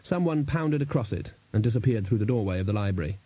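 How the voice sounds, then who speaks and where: Warm, husky male audiobook narrator. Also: on the low side, fast talker, no echo, rough recording. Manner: lively, expressive reading.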